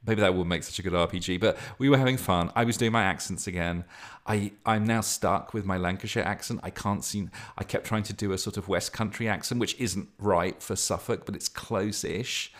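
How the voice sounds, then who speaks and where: Low-voiced man musing on his podcast. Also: brisk. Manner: rambling, self-deprecating, chuckling. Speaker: podcast host and game master. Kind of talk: casual solo podcast talk.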